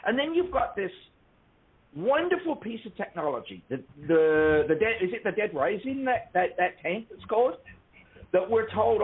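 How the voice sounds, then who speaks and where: A man's voice: high-pitched, very animated, normal speed. A man co-hosting a casual podcast, ranting and swearing, often restarting his sentences. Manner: ranting, swearing, self-interrupting. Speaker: podcast co-host. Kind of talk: casual chat. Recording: tinny phone-like line.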